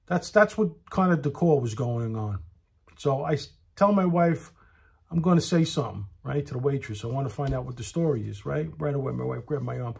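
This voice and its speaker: A man's voice: mid-range voice, animated, brisk, gravelly, darkish tone, slightly rough. A man telling a story in a casual rant, aggrieved and talking straight to the listener. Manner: aggrieved, talks straight to the listener, repeats himself.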